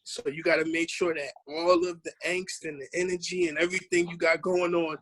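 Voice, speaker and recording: A man's voice: a little high, flat delivery, brisk, fairly bright tone. A man on an online panel, telling a story with lots of laughter and slangy, casual phrasing. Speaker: educator on a panel.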